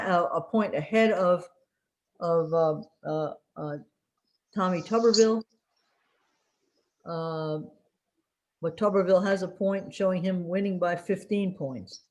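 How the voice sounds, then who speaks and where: Woman, political commentator, unscripted briefing, halting, lots of fillers, dry wry asides. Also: lowish voice. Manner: halting, frequent fillers while recalling names.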